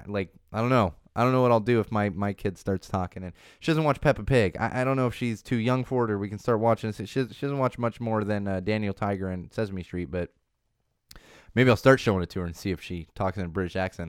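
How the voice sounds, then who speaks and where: A man's voice: lowish voice, fast talker, clear, resonant tone, no room sound, studio quality. A man, hosting a casual live-streamed talk show, chatty and rambling, often restarting his sentences. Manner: chatty, rambling, self-interrupting. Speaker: show host. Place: studio in Los Angeles.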